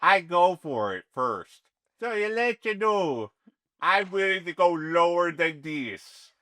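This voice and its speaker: A ruthless Chicago mobster, put on by a man, growls out slow threats in a put-on Chicago accent that slides toward Swedish. The voice is bright and lively, recorded close and dry. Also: high voice, no room sound, exaggerated voice. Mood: menacing. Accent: put-on Chicago, drifting Swedish. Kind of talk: comedy podcast improv.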